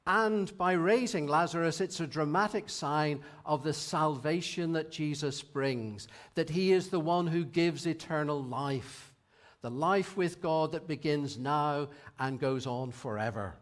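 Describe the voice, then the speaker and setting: A man in his sixties gives a calm, thoughtful sermon. His voice sits a little high for a man, and he takes his time over each line of scripture. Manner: measured, reflective, reads scripture aloud. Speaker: preacher. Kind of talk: sermon reading.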